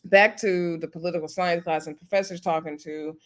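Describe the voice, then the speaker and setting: A woman's voice: lowish voice, fairly even intonation, brisk. Chatty opinionated woman recapping a show. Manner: chatty and opinionated, acts out quotes, talks back at the cast. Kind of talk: casual episode recap.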